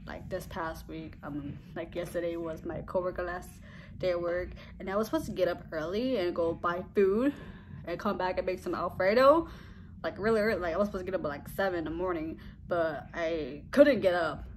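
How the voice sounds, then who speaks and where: A woman's voice: lowish voice, fairly quick, slight background noise. A young woman vlogging a casual story, rambling and giggly, often trailing off with "blah, blah, blah.".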